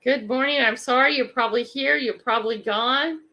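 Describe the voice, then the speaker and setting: A woman's voice: on the high side, moderate pace, sharp tone. An older woman hosting a morning livestream, greeting viewers by name and musing aloud in a casual, reflective way. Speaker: livestream host. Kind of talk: casual live chat.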